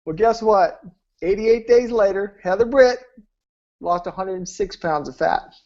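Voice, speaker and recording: A man's voice: high-pitched, unhurried, a little mellow. A man presenting his weight-loss program, telling success stories in an emphatic, repetitive, preacher-like way over a video call. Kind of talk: storytelling sales talk. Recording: dull lo-fi call audio.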